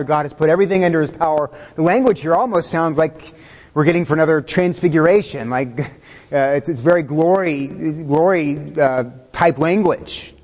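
A man's voice: fairly high pitch, a little mellow. Man preaching a sermon in a hall. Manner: conversational, asks the congregation questions, chuckles. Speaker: pastor.

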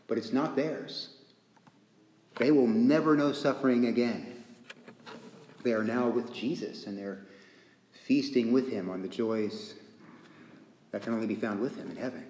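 A man preaching a sermon in an earnest, deliberate way, repeating phrases and pausing often. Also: medium pitch. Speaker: pastor. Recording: echoey church hall with long reverb.

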